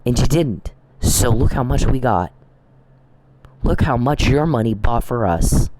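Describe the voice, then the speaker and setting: A man's voice: mid-range voice, animated, unhurried, background noise. A man ranting angrily in a mocking, profane, taunting manner, addressing someone directly. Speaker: online commentator. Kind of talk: angry rant to camera. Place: Oklahoma.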